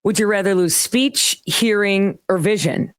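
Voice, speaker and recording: A middle-aged woman co-hosting a casual chat, joking and tossing off quick asides. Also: mid-range voice, clean tone, dry recording, clean studio sound. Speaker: co-host.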